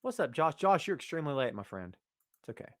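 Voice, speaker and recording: Male podcast host, bright and close-miked, animated banter with live chat. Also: on the high side, fast, no room sound. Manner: animated, teasing, talks to chat by name. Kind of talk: casual live-stream chat.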